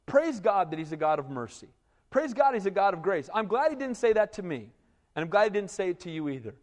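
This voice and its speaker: In a church, a pastor with a voice that sits high preaches a sermon at a fairly quick pace, and the sound carries a big-room feel. His animated, conversational delivery is full of "right?" asides tossed to the congregation.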